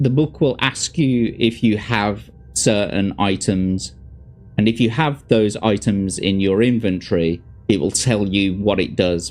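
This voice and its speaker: A man hosting a show, reading a fantasy gamebook aloud to a guest and chatting casually between the passages. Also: on the low side. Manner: lively, expressive reading with relaxed asides. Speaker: host and gamebook reader.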